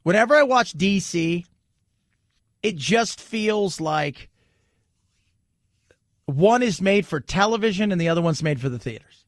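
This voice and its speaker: A man's voice: high voice, lively intonation, unhurried, long pauses, no room sound, studio quality. A man hosting a talk radio show, chatty and opinionated, joking as he goes.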